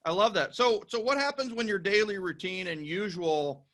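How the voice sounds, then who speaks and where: A man's voice: high voice, moderate pace, a bit bright. A man appearing as a guest, talking in an upbeat, encouraging way and checking in with asides. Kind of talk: motivational conversation.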